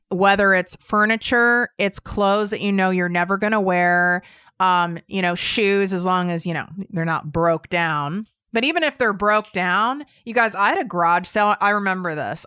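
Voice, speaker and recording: Blunt, chatty woman host, crisp dry voice. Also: lowish voice, pushed and bright, dry recording. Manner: blunt, chatty, swears casually. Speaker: host and business coach. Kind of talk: casual direct-to-camera talk.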